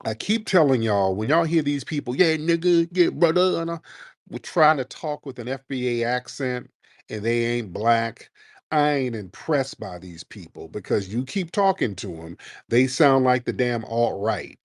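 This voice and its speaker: Homem zombeteiro e combativo, som seco. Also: male voice, mid-range voice, lively intonation, unhurried, no echo, studio quality. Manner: mocking, combative, talks over caller. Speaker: host taking callers. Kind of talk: heated call-in debate.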